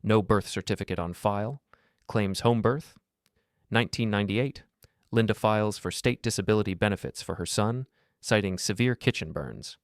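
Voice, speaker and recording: Low dry male narrator for a first-person drama story, steady and measured. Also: no echo.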